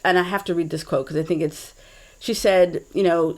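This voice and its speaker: A woman's voice: on the low side, fairly even intonation, moderate pace. A woman co-hosting a podcast in casual chat, telling a story with chatty asides. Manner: chatty, reads quotes aloud, trails into asides.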